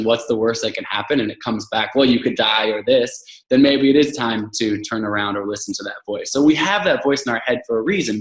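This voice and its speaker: A man's voice: fairly low pitch, roomy sound, low-quality recording. A man speaking earnestly and reflectively as a podcast guest, with frequent fillers and restarts. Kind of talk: casual interview talk.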